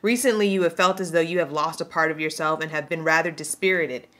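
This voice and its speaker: A woman's voice: deep voice, fast, a bit bright. Emphatic woman giving a spiritual tarot reading. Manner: emphatic, preachy, slangy, reads aloud from a card book. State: tearful. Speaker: tarot reader.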